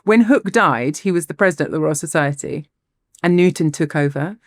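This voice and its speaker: A woman with a low voice co-hosts a podcast and tells a story in a relaxed, chatty way. She is animated, laughs often and restarts her phrases. The recording is dry and close. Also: brisk, no room sound. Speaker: podcast co-host. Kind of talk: casual storytelling chat.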